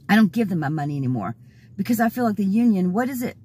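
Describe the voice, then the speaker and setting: A hoarse, worked-up woman venting casually to her vlog audience with exasperated, laughing asides. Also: medium pitch, very animated, fast, warm tone. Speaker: vlogger. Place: in a car, then at home.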